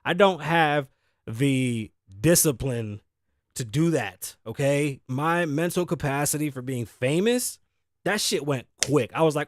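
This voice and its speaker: A tired man from the Bronx hosts his own show, rambling through a profane, self-deprecating monologue. His voice sits a little high for a man. The sound is close and dry, with no room around it. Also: expressive, unhurried, dry recording. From New York, the Bronx. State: sleepy, tired. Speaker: host. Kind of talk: casual solo talk show monologue. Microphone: studio mic through audio interface.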